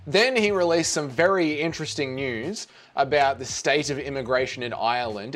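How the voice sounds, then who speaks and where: Rambling Australian man streaming live. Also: on the high side. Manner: rambling, chatty, greets viewers by name. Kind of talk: casual live stream chat.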